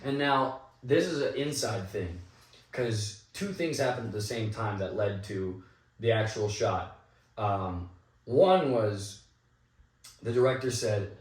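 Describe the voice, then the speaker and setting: A young man with a lowish voice recounts behind-the-scenes stories in a relaxed, animated way. He sits back from the mic in an echoey room. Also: slow pace, recorded from a distance. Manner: animated anecdotal storytelling with quoted asides. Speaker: actor guest. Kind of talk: casual interview storytelling.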